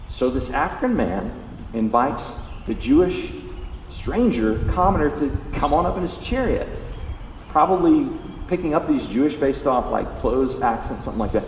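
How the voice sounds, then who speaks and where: A pastor preaching a sermon, emphatic and animated, acting out the lines he quotes. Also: medium pitch, normal speed. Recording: echoey hall, distant mic, faint background noise.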